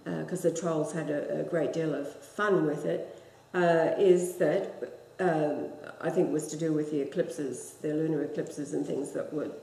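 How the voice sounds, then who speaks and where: A woman co-hosting a casual chat, speaking in a measured, calm way. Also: sits low, vocal fry. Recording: roomy echo.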